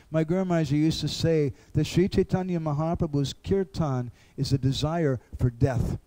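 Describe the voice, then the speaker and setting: A man's voice: fairly high pitch, warm tone. A man giving an earnest devotional lecture, acting out little dialogues.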